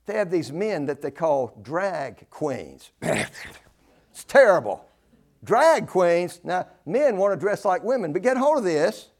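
At a slow pace, an older man preaches in a very animated voice that sits high. His emphatic sermon repeats key phrases and swings between loud declarations and hushed asides.

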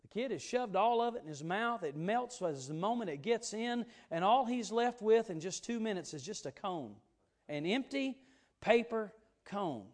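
High-voiced folksy preacher telling a story. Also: male voice. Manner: folksy, storytelling, rising to emphatic bursts. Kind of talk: sermon with a personal story. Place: auditorium before an audience.

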